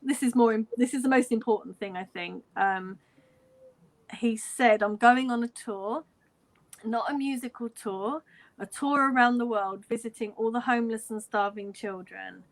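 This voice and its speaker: This London woman in her forties, a fan, has a voice on the high side and talks at normal speed. Over a video call she casually recounts a story with animation, quoting what people said and laughing often.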